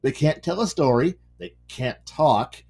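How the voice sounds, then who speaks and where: Brief: casual male hobbyist, profane rant, restarts lines, very animated pitch. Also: measured pace, faint music behind. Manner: ranting, profane, restarts sentences. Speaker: hobby miniature painter hosting a stream. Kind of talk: casual chat while painting.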